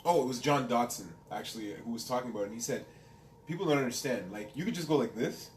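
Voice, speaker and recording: Casual podcast host in an echoey room. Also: male voice, mid-range voice, fast, a little hiss or hum. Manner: laughs easily, steers topics. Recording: roomy room, distant mic, faint ambience.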